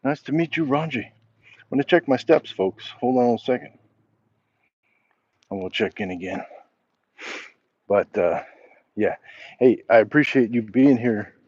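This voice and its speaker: A man's voice: mid-range voice, a little slow, long pauses, a little mellow, highs cut off. A man hosting a casual walk-and-talk livestream, reading chat messages aloud and answering them as he walks. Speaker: livestream host.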